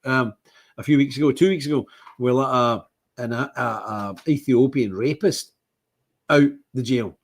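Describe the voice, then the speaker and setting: A man's voice: mid-range voice, normal speed. A man with a Scottish accent hosting a casual livestream monologue, rambling with indignant outbursts. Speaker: livestream host.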